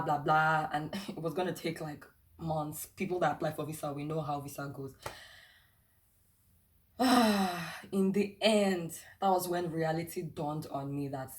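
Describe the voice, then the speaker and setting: A young Nigerian woman with a Nigerian accent, chatting and laughing through a casual travel storytime vlog. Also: sits low. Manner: chatty and animated, many fillers and laughs. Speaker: travel vlogger.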